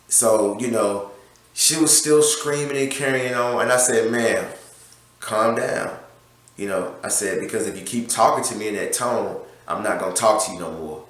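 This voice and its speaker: A man's voice: lowish voice, a bit bright. A man, owner of a small car wash business, casually telling a story about a customer, rambling with many fillers and restarts. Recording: very echoey room.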